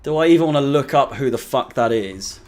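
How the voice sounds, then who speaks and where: A man's voice: medium pitch, lively intonation, fairly quick. A young man from England hosting a live football watch-along, deflated, sweary and sarcastic. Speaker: fan channel host.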